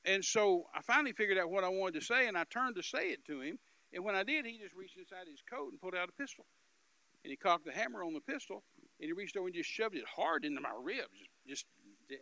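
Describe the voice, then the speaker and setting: A man telling a story in a sermon, dramatic and swinging between quiet narration and loud outbursts. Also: fairly high pitch, creaky, low-quality recording. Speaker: preacher.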